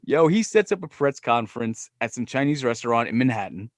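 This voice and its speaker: New guy, podcast storyteller, salty and animated, middle-pitched, dry close mic. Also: brisk, dry recording. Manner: profane, animated, quotes himself and others. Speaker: podcast guest. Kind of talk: casual storytelling.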